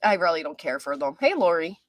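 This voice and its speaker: A woman's voice: fairly low pitch, big pitch swings, a little fast, dry recording. A woman hosting a livestream, chatting casually and friendly while reading out her viewers' names. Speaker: livestream host. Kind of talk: casual chat greeting live viewers. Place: apartment.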